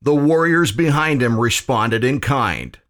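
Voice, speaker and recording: A man narrating a pulp audio story in a dramatic, deliberate reading. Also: mid-range voice, lively intonation, a bit bright.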